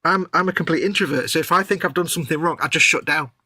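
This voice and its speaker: English guy in his middle years, talks fast, husky, laughs at himself a lot, dry mic. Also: a little high, sharp tone, dry recording. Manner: quick, self-deprecating, laughs often. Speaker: co-host. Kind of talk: casual chat on a live stream.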